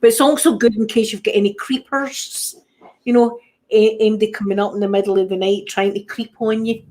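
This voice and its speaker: A middle-aged woman with a Scottish accent, chatting casually with her viewers. Her voice sits at an ordinary, mid-range pitch. She likes to tell stories and does the voices of the people in them. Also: fairly even intonation, fairly quick, darkish tone. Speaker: channel host. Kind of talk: casual live chat.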